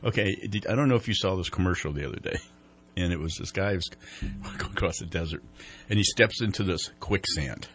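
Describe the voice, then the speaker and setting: A man's voice: low voice, fairly quick, fairly bright tone. A man hosting a TV morning show, chatting casually and telling rambling jokes. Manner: joking, rambling storyteller. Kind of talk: casual chat.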